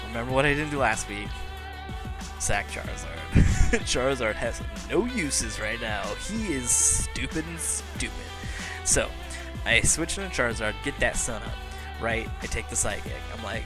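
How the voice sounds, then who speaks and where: A man giving casual, joking commentary on his game, brash and hyped-up, now and then shouting. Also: medium pitch, moderate pace, over music. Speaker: Pokémon league player and video commentator.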